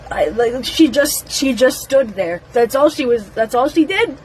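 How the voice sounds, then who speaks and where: Young woman vlogger, kinda high voice, excitable rambly chat w lots of ums and giggles, faint noise behind. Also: a little slow, poor audio. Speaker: fan vlogger. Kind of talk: casual rambling first-impressions talk.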